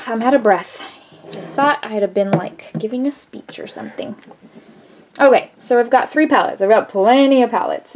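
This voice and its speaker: A woman's voice: on the high side, darkish tone, a little hiss or hum. Chatty woman showing makeup. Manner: chatty, rambling, laughs often. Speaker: beauty vlogger. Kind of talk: casual makeup haul chat.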